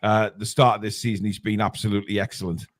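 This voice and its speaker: A man hosting a casual football fan chat, halting and stammering on repeated restarts. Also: fairly low pitch, flat delivery. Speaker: host.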